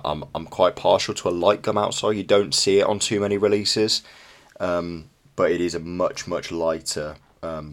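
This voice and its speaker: A man co-hosting a podcast, chatting enthusiastically and rambling about sneakers, swearing casually. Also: extremely low pitch. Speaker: podcast co-host.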